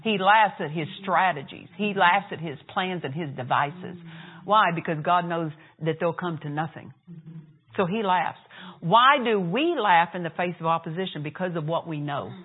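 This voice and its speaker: A woman's voice: lowish voice, moderate pace. Woman preacher, sermon delivery, plays out the laughter and dialogue in her story, thin phone-like audio. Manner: preaching, retelling a story with acted-out laughs and quotes. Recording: tinny phone-like sound.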